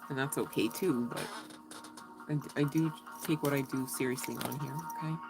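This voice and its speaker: A woman's voice: very deep voice, fairly even intonation, normal speed, music in the background, low-quality recording. A woman giving a casual, chatty tarot reading, giggling often and swearing freely. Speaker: tarot reader.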